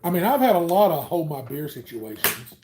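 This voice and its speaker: A man's voice: fairly high pitch, big pitch swings, brisk, background noise. A man in his forties from Alabama with a Southern US accent, telling rambling stories casually on a livestream, with lots of "um"s. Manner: rambling, chatty, many "um"s. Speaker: channel host.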